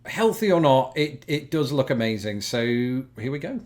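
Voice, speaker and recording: A man's voice: medium pitch, sing-song, normal speed, a little mellow. A man with an English accent hosting a casual chat at home, wry and teasing as he tastes food. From England. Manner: wry, teasing, self-deprecating. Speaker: host.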